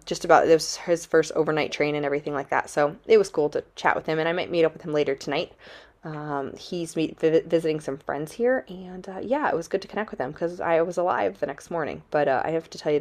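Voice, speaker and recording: A young woman with a low-pitched voice chats straight to camera, telling her story with plenty of drama. She talks loosely and casually, filling her sentences with "like". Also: fast talker, a little mellow. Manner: dramatic, chatty, heavy use of "like". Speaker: travel vlogger.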